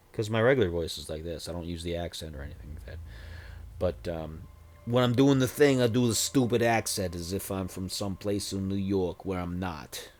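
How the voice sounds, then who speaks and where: A man in his forties with a somewhat low voice talks casually to his stream audience. He rambles from one thing to the next with self-deprecating, joking asides, close to a desk microphone. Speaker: livestreamer.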